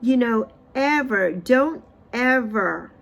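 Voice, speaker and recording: Expressive woman in her sixties, spiritual host. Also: vocal fry. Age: 60s. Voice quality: expressive, swings pitch and loudness for emphasis. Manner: repeats phrases, drawn-out affirmations. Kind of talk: tarot card reading and uplifting chat.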